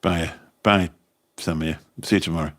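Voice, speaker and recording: A man's voice: sits low, steady tone, moderate pace, a bit bright. A man hosting a casual livestream, chatting in a rambling way and often repeating his words as he talks into a phone. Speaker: livestream host and taxi driver. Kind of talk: casual livestream chat reading comments.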